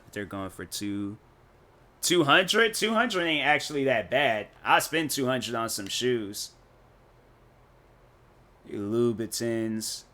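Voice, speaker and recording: Bright-voiced man rambling on stream. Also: medium pitch. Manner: rambling, slangy and joking. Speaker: gaming streamer. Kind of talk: casual live-stream chat while playing.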